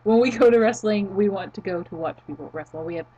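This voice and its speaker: A woman co-hosting a casual wrestling chat, animated and quick to laugh, swearing freely. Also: mid-range voice, breathy edge, lo-fi sound. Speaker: podcast co-host. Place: college town in the US.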